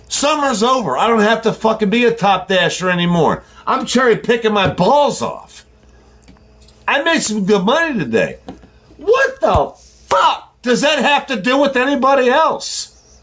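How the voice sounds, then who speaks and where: A man's voice: very high-pitched, big pitch swings, unhurried, a bit bright. A man who drives deliveries, ranting to his viewers in a heated, profane, confrontational way. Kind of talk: heated rant to camera.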